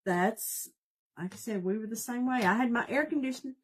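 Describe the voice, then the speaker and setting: Chatty Southern woman, fairly high voice. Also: brisk, breathy edge. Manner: chatty, folksy, greets viewers by name. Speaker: craft tutorial host. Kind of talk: casual live craft demonstration. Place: home craft room.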